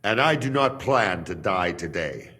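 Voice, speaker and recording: A man voicing a stubborn, loyal guard from Buda who speaks calmly and firmly, with quiet threat, in a game cutscene. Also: deep voice, unhurried, full character voice. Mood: tense. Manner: calm, firm and threatening. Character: stubborn, loyal male guard holding captives. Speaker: a king's guard.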